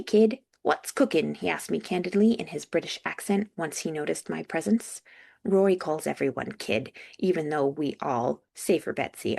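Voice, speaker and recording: Young woman, audiobook narration, dry wry asides, husky gravelly voice. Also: fairly low pitch, a little mellow. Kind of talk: first-person audiobook narration.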